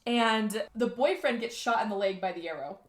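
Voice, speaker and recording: A woman's voice: medium pitch, moderate pace, reverberant, a little hiss or hum. A woman co-hosting a podcast, retelling a movie plot in casual chat and acting out the characters' lines. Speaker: podcast co-host.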